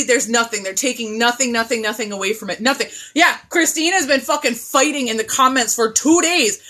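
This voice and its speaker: A woman's voice: sits high, pushed and bright. A woman, probably in her thirties, hosting a casual live chat from her phone, talking bluntly and profanely in passionate rants. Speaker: live-stream host.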